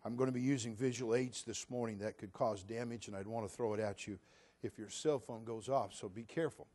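A man's voice: lowish voice, brisk, dark tone. A man preaching a sermon to his church, telling a story in a conversational way. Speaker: pastor. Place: church sanctuary.

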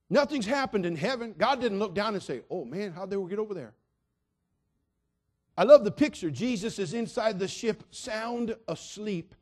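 High-voiced preacher, loud-to-quiet swings. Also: male voice. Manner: dramatic, swings from quiet asides to shouts; acts out quoted voices, addresses listeners directly. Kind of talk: sermon.

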